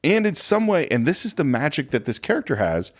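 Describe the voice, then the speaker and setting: Male film podcast co-host, expressive and bouncy, chatty scene-by-scene recap. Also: fairly high pitch. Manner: animated retelling of scenes, acting out lines in quick voices. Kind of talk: casual film discussion. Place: podcast studio.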